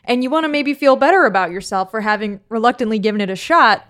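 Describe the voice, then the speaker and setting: A woman's voice: a little high, fast, fairly bright tone. A woman co-hosting a podcast, joking in a wry, upbeat, casual way. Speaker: podcast co-host.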